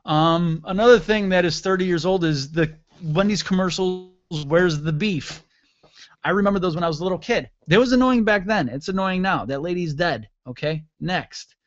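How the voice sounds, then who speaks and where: A man in his thirties hosts a solo talk radio show, rambling through sarcastic, irreverent jokes in a high-sitting, brisk voice. He's on a studio mic with a mixer, and the recording is dull, lo-fi, and dry with no echo.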